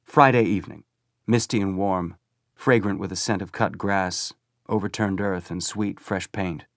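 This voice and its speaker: A man reading a novel aloud as an audiobook narrator, measured and steady. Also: sits low, no room sound, studio quality. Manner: measured storytelling. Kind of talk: scripted narration.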